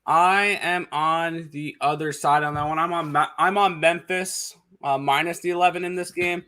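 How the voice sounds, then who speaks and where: A man co-hosting a sports betting show, talking quickly through point spreads and picks with frequent restarts. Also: on the high side, fairly even intonation, bright, forceful tone, clean tone. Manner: fast, number-heavy with frequent restarts. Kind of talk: casual picks talk.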